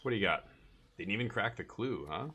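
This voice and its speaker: A man's voice: on the low side, animated, brisk, sharp tone, breathy edge. A man streaming a card game live, thinking aloud and muttering his plays as he goes.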